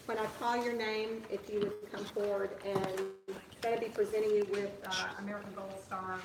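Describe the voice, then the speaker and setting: A middle-aged woman, a Gold Star mother, gives a halting ceremony speech full of fillers and restarts. She is heard from well back, with a strong echo around her. Loud noise from the open air sits behind her voice. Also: mid-range voice, flat delivery. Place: outdoors in the rain. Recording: distant, echoey, noisy outdoor recording.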